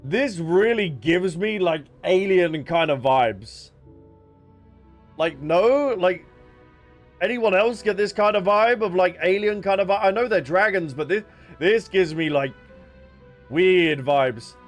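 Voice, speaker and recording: A young adult man giving casual, rambling gameplay commentary as a streamer, excitable and full of restarts. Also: high-pitched, takes it slowly, faint music behind. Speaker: gaming streamer.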